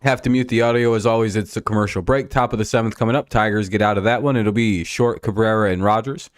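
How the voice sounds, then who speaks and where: A man's voice: on the low side, fairly even intonation, fast talker, dry recording, studio quality. Rambling, profane male stream host. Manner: rambling and profane, with frequent fillers. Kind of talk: casual play-by-play watch-along chat.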